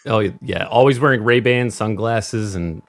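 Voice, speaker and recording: Man, podcast co-host, steps through the plot, dry quips, even-keeled. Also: fairly low pitch, normal speed. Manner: retells plot in order, dry asides. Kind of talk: casual movie-review chat.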